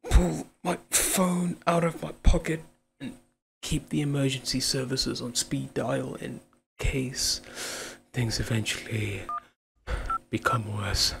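A man playing a soft-spoken, anxious young husband. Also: mid-range voice, steady tone, takes it slowly, gravelly, noisy background. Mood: tender worried. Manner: soft, stammering reassurance. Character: gentle, anxious young husband comforting his wife. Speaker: voice actor. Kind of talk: audio role-play.

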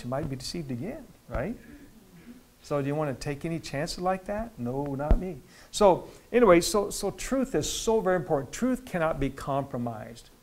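A male pastor teaching a midweek Bible study in a church, talking conversationally with repeated words and loud emphatic stretches. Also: a little high, gravelly.

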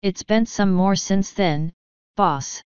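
A woman reading an audiobook, voicing a cheerful, plucky male rat who stays chirpy even when he is trapped. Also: mid-range voice, slow, clear, resonant tone, no echo, dull audio, close to an everyday voice. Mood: cheery. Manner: chirpy, unbothered even in danger.

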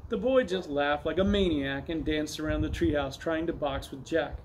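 A man's voice: a little high, normal speed, slight background noise, rough recording. Man reading a children's book aloud. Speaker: reader. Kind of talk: storybook read-aloud.

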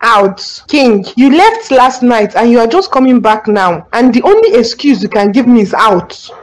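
A woman's voice: fairly high pitch, sing-song, moderate pace, rough recording. A woman voicing a wife who insistently confronts her husband in a cartoon drama. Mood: accusing. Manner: accusing, insistent. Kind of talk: cartoon dub acting.

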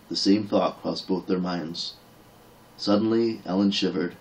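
Brief: male narrator with a lowish voice, reading fantasy with dramatic drive. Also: steady tone, unhurried, darkish tone, slight background noise, low-quality recording. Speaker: audiobook narrator. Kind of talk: audiobook reading.

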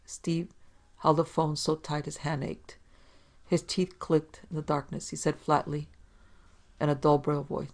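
A podcast narrator reading a 1940s crime story in an even, measured way. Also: mid-range voice, gravelly.

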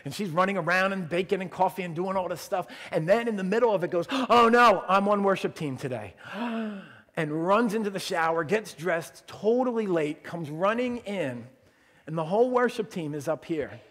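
Animated pastor telling stories in a hall. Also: male voice, high voice, moderate pace. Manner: animated storyteller acting out quotes. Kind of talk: sermon storytelling. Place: church sanctuary. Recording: long church reverb.

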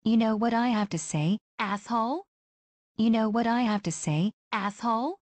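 A foul-mouthed, sarcastic mystic woman, as an actress plays her speaks in a mid-pitched voice. The recording is dry and close, with no room sound. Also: normal speed, darkish tone, no room sound, close to an everyday voice. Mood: scornful. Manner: sarcastic, profane, declaiming.

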